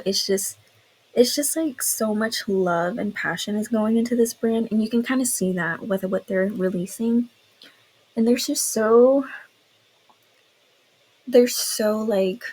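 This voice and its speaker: Gushing, breathy young woman vlogger. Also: a little high, low-quality recording. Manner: gushing, chatty, lots of "like". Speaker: beauty vlogger. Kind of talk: casual chat to camera.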